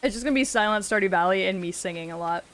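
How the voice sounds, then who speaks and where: A woman's voice: medium pitch, very fast, a bit bright. A woman streamer chatting casually with her viewers while gaming, giggly and chatty, swearing often.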